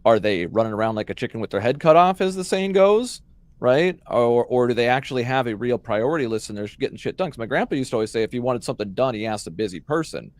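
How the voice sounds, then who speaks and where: A man's voice: medium pitch, fast talker, no echo. A man co-hosting a casual panel chat, talking bluntly and with a lot of swearing as he makes his point. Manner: blunt, profane, animated. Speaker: podcast co-host.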